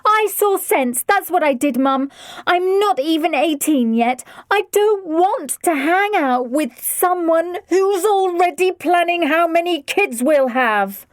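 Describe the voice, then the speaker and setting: A woman's voice: high voice, very animated, slow pace, dry recording, clean studio sound, voice pushed up, full character voice. A woman voicing a forthright, outspoken seventeen-year-old girl. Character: sharp-tongued teenage girl of seventeen.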